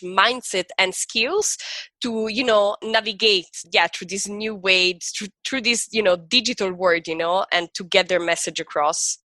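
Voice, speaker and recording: Bright, chatty woman podcast guest. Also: mid-range voice, no echo. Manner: talkative, peppered with "you know" and "like". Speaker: podcast guest, business school founder. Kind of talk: casual interview chat.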